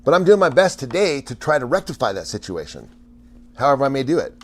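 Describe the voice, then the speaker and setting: A man's voice: mid-range voice, big pitch swings, fast, slight background noise. A man hosting a casual livestream, chatting with viewers in a rambling way, often stammering, restarting and laughing.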